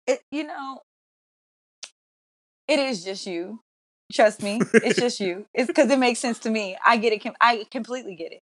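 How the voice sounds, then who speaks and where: A woman co-hosting a casual podcast, brash and profane, talking in an animated, teasing way. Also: fairly high pitch, normal speed, pauses often. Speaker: podcast co-host.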